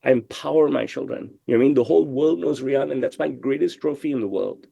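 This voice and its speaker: A middle-aged tailor gives a brash, profane, emphatic guest interview in a casual style, full of "bro" and "you know what I mean." His mid-range voice is gravelly yet mellow, quick-paced, and recorded with no echo.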